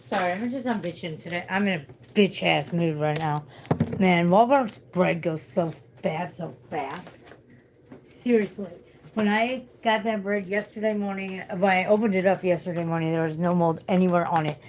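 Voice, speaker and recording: A woman's voice: on the low side, normal speed, a little mellow, slight background noise, low-quality recording. Tired, blunt woman livestreaming casually. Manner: blunt, swearing, tired and complaining. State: tired and in pain.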